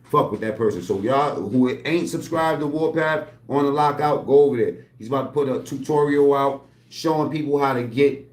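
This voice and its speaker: A man's voice: medium pitch, moderate pace, hardly any pauses. A man in a casual, rambling home vlog, loose and streetwise, dropping curses as he wanders between thoughts. His voice sits in the middle range and bounces around an echoey room. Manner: loose, streetwise, heavy swearing, rambling asides. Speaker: channel host. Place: at home, indoors.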